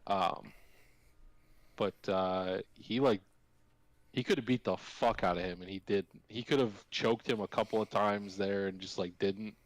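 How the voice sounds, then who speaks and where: Brief: low-voiced male podcast co-host, profane and heated, dry close mic. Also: fairly even intonation, a little slow, no room sound, poor audio. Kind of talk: casual sports betting chat.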